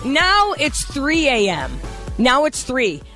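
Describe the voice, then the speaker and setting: Brief: high-pitched, bright man, animated storyteller who laughs a lot. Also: takes it slowly, faint music behind. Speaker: radio show co-host. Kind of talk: casual chat.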